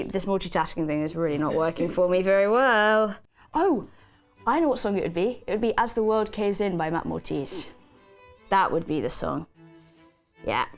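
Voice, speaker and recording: A woman's voice: on the low side, creaky. A British woman, an actor guest, chatting casually in an interview while she paints, scattered and self-deprecating. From Britain.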